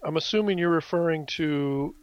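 A man's voice: on the high side, moderate pace, smooth, no echo, muffled recording. A man on a podcast, bluntly correcting a point in casual chat.

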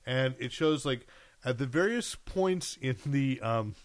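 A man's voice: medium pitch, slow pace, no room sound. A man hosting a podcast, chatting casually and rambling through comic news with lots of fillers. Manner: rambling, animated retelling with filler words. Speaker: podcast host. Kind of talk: casual chat.

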